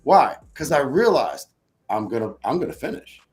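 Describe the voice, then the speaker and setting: A man telling a personal story in a casual interview, acting out his own past thoughts with lively energy. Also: medium pitch, moderate pace. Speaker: podcast guest.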